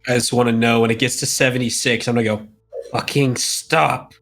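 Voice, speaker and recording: A man's voice: mid-range voice, little pitch movement, very fast. A man playing a tabletop game, joking bluntly with the group. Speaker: player. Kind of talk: casual role-play chat.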